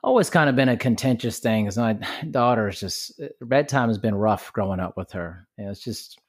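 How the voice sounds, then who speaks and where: A man's voice: fairly low pitch, normal speed. A man hosting a podcast, chatting casually and easily sharing his own family anecdotes. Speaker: podcast host. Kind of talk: casual chat.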